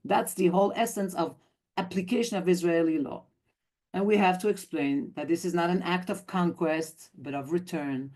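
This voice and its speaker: Belgian-born woman, 50s, lowish voice, emphatic speaker on a video call, acts out dialogue. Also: moderate pace, a little mellow. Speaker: guest speaker, activist. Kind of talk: online talk.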